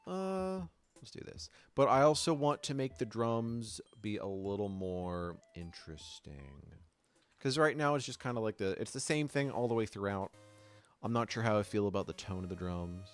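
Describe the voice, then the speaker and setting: His voice is smooth and on the low side, animated, at normal speed. In a casual live stream he makes music and talks through his thoughts, rambling and drifting off mid-sentence, with a slight lisp caused by a sore tongue.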